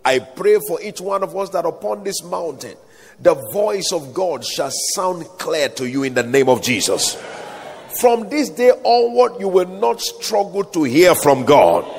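A man preaching a sermon, calling for amens, with a sing-song, emphatic delivery and slow, drawn-out stresses. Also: high voice, big pitch swings, creaky, big-room sound, a little hiss or hum.

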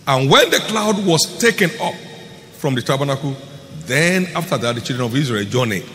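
A man giving a sermon as pastor, emphatic, repeating key phrases and swinging between loud declarations and hushed lines. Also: medium pitch, expressive, moderate pace. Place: large church hall. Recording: long hall reverb, faint noise.

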